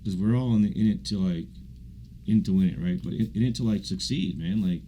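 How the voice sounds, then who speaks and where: A man's voice: on the low side, a little fast, warm tone, slight background noise. A man appearing as a tech sales guest on a talk show, speaking casually and in a laid-back, slangy way. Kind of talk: casual conversational interview.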